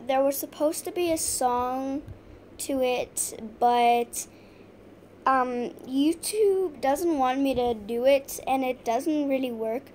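A woman with a high voice speaks slowly and apologetically to her viewers, filling gaps with ums. She is sick, and her voice sounds a little rough and off because of it. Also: a little mellow, a little hiss or hum. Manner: apologetic, chatty with fillers. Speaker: toy-story video maker. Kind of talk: casual talk to viewers.

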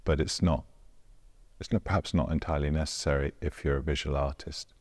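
A man's voice: very deep voice, steady tone, a little fast, a little mellow. A man, a visual artist, casually talking through his own works in a gallery, thinking aloud with dry, self-deprecating humor. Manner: rambling, thinking aloud with hedges.

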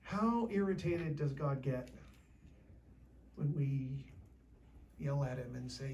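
A woman preaching a sermon in a church, talking in a conversational, lively way with shifting loudness. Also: rumbling low, slow pace, pauses often, distant mic, a little hiss or hum.

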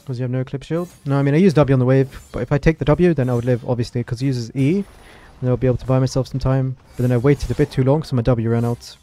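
A man's voice: medium pitch, steady tone, fast, hardly any pauses, warm tone. A man streaming his live gameplay with frustrated, swearing commentary, often chanting words over and over. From Europe.

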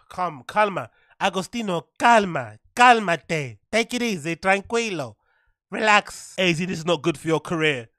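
A man hosting a live reaction stream, rowdy and excitable, laughing often and swearing. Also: high voice, unhurried.

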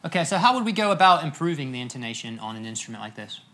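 A man's voice: medium pitch, sing-song, very fast, a bit bright. A man hosting a guitar shop video, opening and closing it in an upbeat, chatty way. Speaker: host. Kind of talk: casual presenter intro.

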